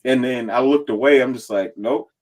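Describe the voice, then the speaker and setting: A man sits in as a podcast guest and tells a behind-the-scenes story, loose and animated. He swears often and slips into the voices of the people he quotes. His pitch sits in the middle range for a man. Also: moderate pace. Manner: animated and profane, acting out others' lines in quotes. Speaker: reality competition contestant and guest. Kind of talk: casual storytelling recap.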